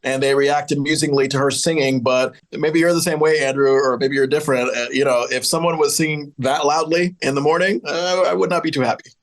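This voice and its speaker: A man's voice: fairly high pitch, fairly even intonation, brisk, few pauses. A young man from Connecticut co-hosting a podcast, casually recapping sitcom scenes and joking about them. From Connecticut, USA. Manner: playful, narrates scenes then jokes.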